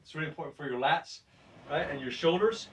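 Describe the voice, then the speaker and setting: Older guy talking through his gym routine, kinda high voice, sounds a bit away from the mic, chatty and laughing. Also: animated, quick pace, distant mic, background noise. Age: 60s. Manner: loose and chatty, laughs often, says "right?" a lot. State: breathing deeply between sets. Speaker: fitness presenter. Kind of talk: casual workout demonstration.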